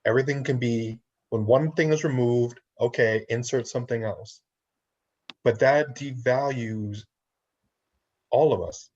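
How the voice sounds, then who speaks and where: A man's voice: mid-range voice, measured pace, a little mellow. A man co-hosting a casual panel chat, talking in a reflective, philosophical way. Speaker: podcast co-host. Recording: lo-fi online call audio.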